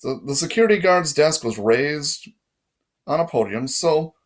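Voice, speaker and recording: A man's voice: on the high side, expressive, measured pace. A man narrating a first-person story in a plain reading voice, now and then correcting his own slips. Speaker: audiobook reader.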